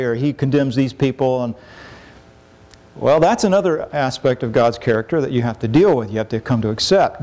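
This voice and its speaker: A middle-aged man preaching a sermon in a conversational way, acting out quoted complaints with sudden rises in pitch. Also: darkish tone.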